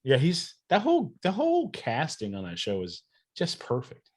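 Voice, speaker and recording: A man's voice: mid-range voice, huge pitch swings, normal speed, a crowd in the background. A man chatting as a podcast guest, easygoing and enthusiastic, rambling a little. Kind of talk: casual podcast chat.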